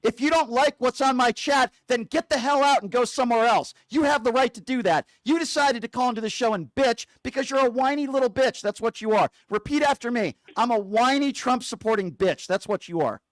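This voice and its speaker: Guy host w a high voice yelling down a caller, insults, keeps interrupting, dry close sound. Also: animated, brisk, few pauses, no room sound. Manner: repeats questions insistently. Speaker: call-in show host. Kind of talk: combative call-in debate.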